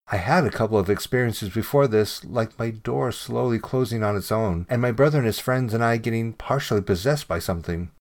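A man reading a submitted true ghost story aloud in calm, measured narration that drops to a hush at times. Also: lowish voice.

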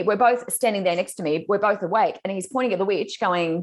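A woman telling a spooky personal story in casual chat, animated and laughing as she goes. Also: mid-range voice, fairly quick. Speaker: guest, spiritual teacher.

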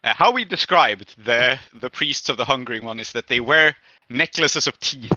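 A man's voice: medium pitch, normal speed, sharp tone, no room sound, muffled recording. A man narrating as game master of a tabletop game, casual and laughing, with many fillers.

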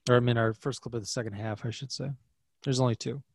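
A man's voice: medium pitch, fairly even intonation, fast talker, gravelly, a little mellow, no echo. Easygoing podcast co-host man, dry mic. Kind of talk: casual chat.

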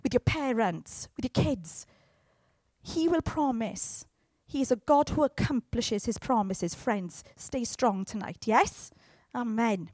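Lively, high-voiced woman preaching. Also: takes it slowly, dry recording. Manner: lively and chatty, joking asides, sudden loud bursts. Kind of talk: sermon.

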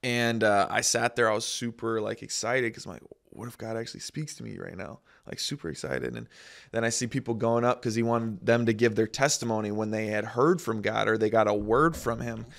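A man's voice: medium pitch, steady tone, fairly quick, vocal fry, fairly bright tone. A man in casual faith talk, telling a personal story in a rambling, self-interrupting way.

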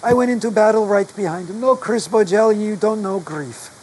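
A woman's voice: mid-range voice, brisk, darkish tone, a little hiss or hum, close to an everyday voice, poor audio. A man mimicking his middle-aged female voice therapist, a blunt former commando who lectures in choppy broken English. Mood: stern.

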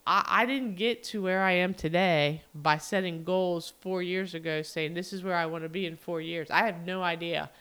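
A woman's voice: lowish voice, fairly even intonation, normal speed, few pauses, a bit bright, smooth. A middle-aged woman talking casually and earnestly as a podcast co-host, rambling with frequent fillers. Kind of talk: casual heartfelt monologue.

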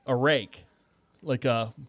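A man's voice: medium pitch, takes it slowly, dry recording. Chatty man telling a story over a tinny phone line. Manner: rambling, animated, acts out his own shouts while telling a story. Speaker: podcast guest. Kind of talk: casual storytelling chat.

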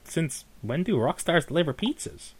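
A man's voice: on the high side, animated, moderate pace, slightly rough. A man voicing a hassled, bored elf receptionist woman who talks curtly and dismissively. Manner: curt, dismissive, mock-polite.

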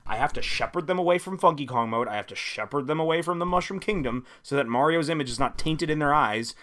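A man on a game podcast with a bright, forceful voice and lively, swooping pitch. He rants in mock-serious earnest, making jokes with a straight face. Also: fast talker. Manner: animated, mock-serious ranting. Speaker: podcast co-host. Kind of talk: casual comedic chat.

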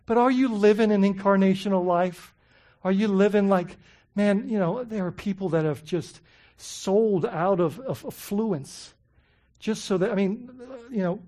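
A pastor preaching a sermon in an animated, conversational way, asking the listeners many questions and often saying "you know" and "right?". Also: medium pitch.

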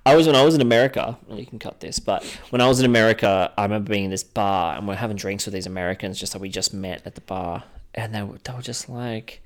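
A man's voice: on the low side, fast. An Australian man co-hosting a podcast in loose casual chat, rambling with frequent laughs and restarts. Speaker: podcast co-host.

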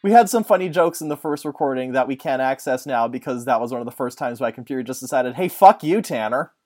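Podcast host, playful, slips into mock accents, casual chat. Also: male voice, mid-range voice, fast, a little mellow. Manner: jokey, puts on mock accents.

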